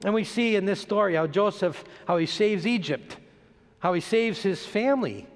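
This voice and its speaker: A man preaching a sermon, dropping his voice low on slow, emphatic lists and rising sharply as he presses each point. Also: animated. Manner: dramatic rises and drops, slow emphatic lists. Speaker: pastor. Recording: long hall reverb.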